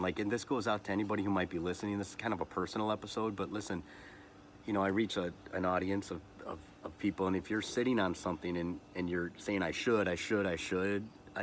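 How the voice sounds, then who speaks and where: A man with a very low voice, speaking earnestly and with feeling as he hosts a personal podcast episode. He stumbles, repeats words and restarts his sentences. Faint noise sits under the recording. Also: fairly bright tone. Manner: earnest and emotional, motivational asides. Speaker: podcast host. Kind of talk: personal heartfelt monologue.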